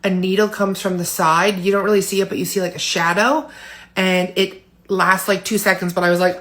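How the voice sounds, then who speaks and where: A woman's voice: medium pitch, little pitch movement, fairly quick, fairly bright tone. A woman in her forties, tired, telling a rambling, candid story in a casual personal vlog from home, full of fillers. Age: 40s. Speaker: vlogger.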